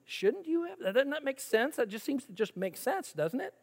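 Lively preacher in a reverberant hall. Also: high-pitched, moderate pace, gravelly, hardly any pauses. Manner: animated, acts out quoted voices and asks rhetorical questions. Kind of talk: sermon with scripture reading.

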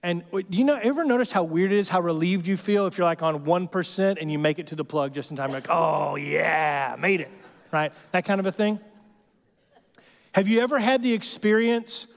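A man's voice: high voice, lively intonation, fairly quick. A male pastor preaching a sermon in a casual, joking way, often checking in with the congregation with "right?". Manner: conversational and joking, peppered with "right?". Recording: long hall reverb.

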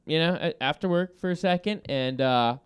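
A man's voice: a little high, moderate pace, clean tone, no echo, studio quality. A man hosting a podcast, telling a heated story with lots of swearing and laughter in casual banter. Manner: animated storytelling with profanity and laughter. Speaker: podcast host.

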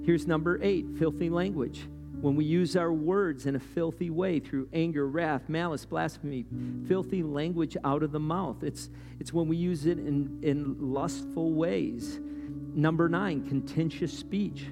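A man preaching a sermon in a loose, conversational way, often checking in with "right?" and climbing in pitch and volume as he gets worked up. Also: a little slow, vocal fry. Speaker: pastor. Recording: long hall reverb with guitar playing underneath.

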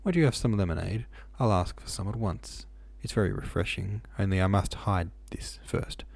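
A man reading a sly, insolent male servant who talks in a low, insinuating, unhurried way, as part of a storybook audiobook. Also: vocal fry, a little mellow, no echo.

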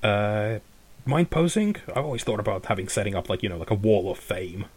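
A man's voice: fairly low pitch, very animated, fairly quick, a little mellow, husky. A man voicing a stingy, put-upon male orc shopkeeper who grumbles and gives grudging praise. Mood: eager.

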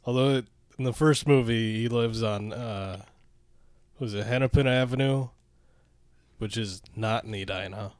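A Minnesotan man co-hosts a casual movie podcast and drops wry jokes and laughs into the chat. His mid-pitched voice is recorded dry and close. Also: darkish tone, no echo. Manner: wry, quick to laugh, joking asides. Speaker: podcast co-host.

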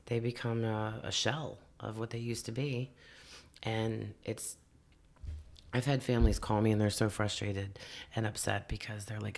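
A man with a low, gravelly voice and a lot of fry. He speaks earnestly and haltingly, starting over mid-sentence as he chats in a podcast conversation. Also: flat delivery. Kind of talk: casual conversation.

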